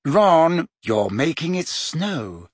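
A man voicing a clever teenage schoolgirl who talks in a patient, brisk way. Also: on the high side, very animated, husky, no room sound, clean studio sound, voice pushed up, exaggerated voice. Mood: knowing.

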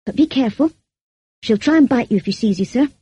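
A woman's voice: fairly high pitch, animated, fast, warm tone, slightly rough, voice pushed up. A woman reading the lines of a plain-spoken female servant in an audiobook, blunt and cautioning. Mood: warning. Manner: plain, warning.

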